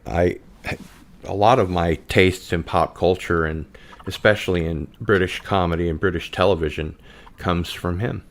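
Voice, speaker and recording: In a low, gravelly voice, a podcast host chats loosely and easily on a casual live stream, pausing to read viewer comments aloud.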